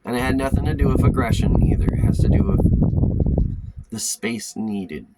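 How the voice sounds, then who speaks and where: A man ranting in a loose, casual monologue, blunt and profane, who keeps jumping into other people's voices as he tells a story. His pitch sits in an ordinary middle range. Steady background noise and clicks run under the recording. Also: moderate pace, rough recording.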